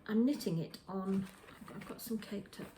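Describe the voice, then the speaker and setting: A dark-toned, medium-pitched woman talks at normal speed, rambling casually through knitting show-and-tell for her podcast, recorded in her kitchen with many restarts and self-corrections. The poor audio sounds roomy, with a little hiss or hum.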